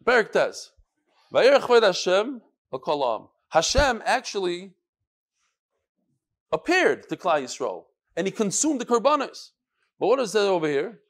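Animated man teaching a Talmud class. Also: high voice. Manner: animated, sing-song study cadence mixing Hebrew and Yiddish terms.

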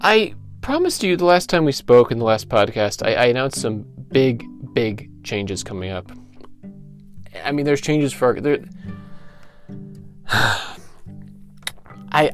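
A man hosting a comedic podcast, rambling and stammering through his words, repeating himself as he goes. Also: medium pitch. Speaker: podcast host.

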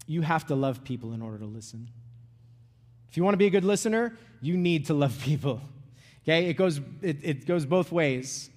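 A middle-aged pastor with a somewhat high, animated, slightly mellow voice preaches briskly in a conversational style. He keeps checking in with "right?" and "okay?", repeating words and restarting phrases, while a large hall adds long reverb.

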